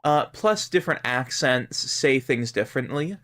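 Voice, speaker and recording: A man's voice: mid-range voice, animated, normal speed, a bit bright. A Canadian man chatting casually on a live game stream, rambling as he explains how words are pronounced. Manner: rambling, explains pronunciation to chat. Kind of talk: casual live-stream chat while gaming.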